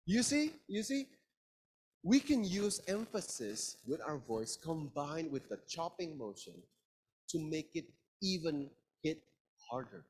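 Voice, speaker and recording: A man's voice: fairly high pitch, sing-song, slow pace, a little mellow, slight background noise, poor audio. A man teaching public speaking in a live workshop, emphatic and demonstrative, often quizzing his audience. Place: university seminar room.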